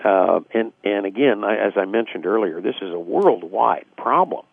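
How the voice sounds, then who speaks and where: Radio guest, male, low gravelly husky voice, reflective, over a tinny phone line. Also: lively intonation, normal speed, noisy background. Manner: reflective, acts out quoted dialogue, frequent fillers. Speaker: guest author. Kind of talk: casual radio interview explanation.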